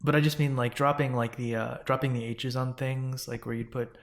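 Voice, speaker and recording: A man's voice: mid-range voice, flat delivery, a little fast. A man co-hosting a book podcast, analytically picking apart the grammar and style. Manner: analytical, picky about grammar. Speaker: podcast co-host. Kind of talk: casual book-club chat.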